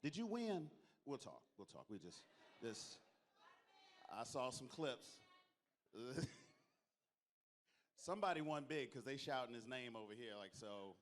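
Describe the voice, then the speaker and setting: Man, mid-pitched, storytelling, joking, rallying applause, onstage closing speech. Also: sing-song, a little slow, long pauses. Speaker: convention organizer giving closing speech. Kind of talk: lively onstage speech to a crowd. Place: convention hall stage.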